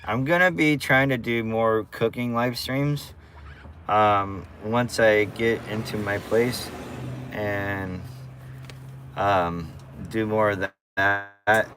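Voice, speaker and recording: Laid-back slow-talking streamer guy. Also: on the low side, a bit bright, a little hiss or hum. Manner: laid-back, chatty, slang-heavy. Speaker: live streamer. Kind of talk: casual live-stream chat.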